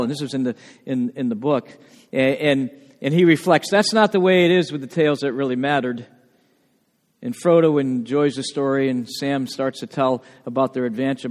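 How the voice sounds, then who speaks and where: A man preaching a sermon with emphatic delivery, rising to loud urgent points and dropping to hushed, quiet lines. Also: medium pitch. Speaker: pastor. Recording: long hall reverb.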